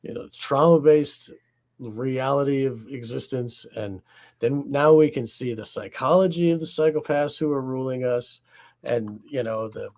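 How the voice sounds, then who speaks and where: A man co-hosting a podcast in casual chat, reflecting in a halting way with many hesitations. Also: medium pitch, gravelly, a little mellow. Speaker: podcast co-host.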